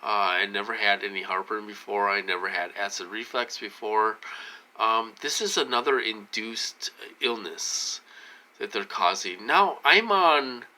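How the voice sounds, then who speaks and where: A man talking in a rambling personal monologue, halting and repetitive, full of fillers and restarts, insistent and aggrieved. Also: lowish voice, bright, forceful tone, rough recording. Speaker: vlogger.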